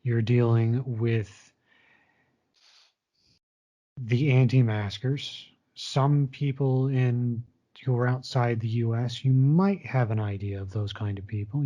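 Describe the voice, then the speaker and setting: A man telling his own story in a frank, blunt way, and he does not hold back his swearing. His voice is dark and mellow, and it sits in an even middle register. The recording is dull and lo-fi. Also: medium pitch. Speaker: storyteller recounting his retail job. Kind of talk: casual spoken personal story.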